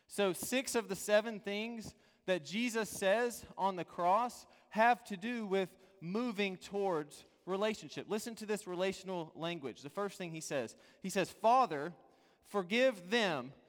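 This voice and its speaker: A man preaching a sermon as a pastor, earnest and pleading, dropping from loud to hushed. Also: sits high, unhurried, big-room sound.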